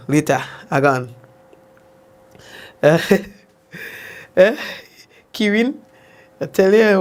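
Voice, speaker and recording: A man hosting a casual live news show, chatty and laughing often, his voice jumping high when he tells a joke. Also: expressive, measured pace, pauses often. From Saint Vincent and the Grenadines. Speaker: news host.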